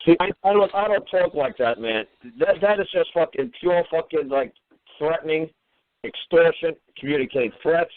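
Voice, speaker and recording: A man's voice: fairly high pitch, moderate pace, no room sound. A man hosting a call-in talk show, scolding a caller in a profane, sarcastic way. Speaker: host. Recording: phone-quality radio audio.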